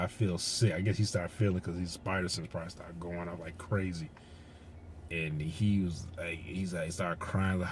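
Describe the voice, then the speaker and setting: A man casually recapping a movie's plot, rambling, swearing and getting excited as he retells scenes. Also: sits low, slight background noise. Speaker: movie reviewer.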